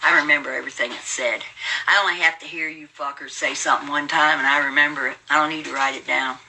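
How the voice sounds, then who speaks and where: A woman's voice: sits low, fairly even intonation, quick pace, pushed and bright, slight background noise, poor audio. A woman in her seventies, hosting a livestream and ranting at her viewers in a brash, taunting, profane way. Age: 70s. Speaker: livestream host. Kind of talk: casual livestream rant.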